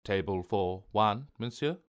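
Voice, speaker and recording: A man's voice: on the low side, expressive. A man voicing a lonely, sad cartoon character who repeats everything people say to him. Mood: forlorn. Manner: slow, mournful echoing.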